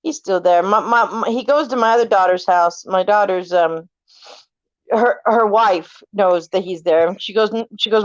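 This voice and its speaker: This medium-pitched California woman in her 40s tells family ghost stories at a moderate pace, animated and mimicking quoted voices while cursing casually. There's no echo, and the recording is dull and lo-fi.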